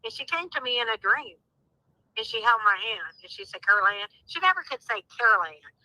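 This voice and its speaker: A woman talks over a phone line, her voice fairly high and sharp. She is emphatic and heartfelt, circling back to the same words for weight. The sound is dry and close. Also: very animated, fairly quick, no echo. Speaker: guest, sister of a crime victim. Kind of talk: emotional phone interview.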